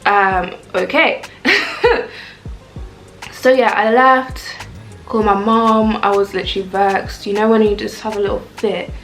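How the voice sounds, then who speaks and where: A young woman, telling a casual storytime rant in a chatty, animated way. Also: mid-range voice, normal speed. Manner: chatty, animated, lots of "like" and "I was like". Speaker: vlogger. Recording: echoey room with faint music.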